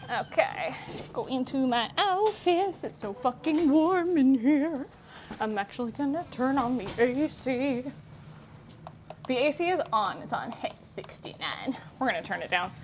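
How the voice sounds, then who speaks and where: A bubbly, playful woman streams from home, her voice sitting a little high. She chats loosely on a wireless mic, swearing now and then, with a faint steady hum underneath. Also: a little slow, low-quality recording. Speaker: streamer and voice actress. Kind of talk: casual live-stream chat. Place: home, in a pouring tent and around the house. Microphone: wireless mic on a receiver.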